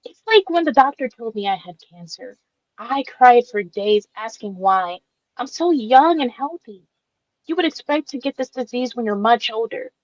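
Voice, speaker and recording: A woman voicing a gentle, tearful young woman with cancer in an amateur radio drama, speaking softly and with feeling. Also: on the high side, animated, no echo, close to an everyday voice. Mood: sad. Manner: soft, emotional, slow-spoken. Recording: dull dry lo-fi recording.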